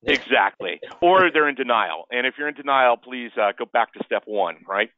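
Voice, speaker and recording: A man's voice: mid-range voice, expressive, moderate pace, no echo. A man giving a casual webinar presentation, chatty and tagging sentences with "right?". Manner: chatty, peppers speech with "right?". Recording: tinny phone-line sound, dry.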